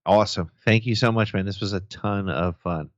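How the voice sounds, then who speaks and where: A man's voice: lowish voice, brisk, dry recording. A man co-hosting a podcast, chatting enthusiastically with many fillers, heard over muffled lo-fi remote audio. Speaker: podcast co-host. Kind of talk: casual podcast chat.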